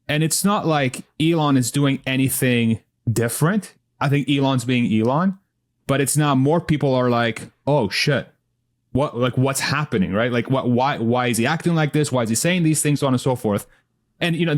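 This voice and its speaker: A man co-hosting a podcast, thinking aloud in a reflective, casual way with frequent restarts. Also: mid-range voice. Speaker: podcast co-host.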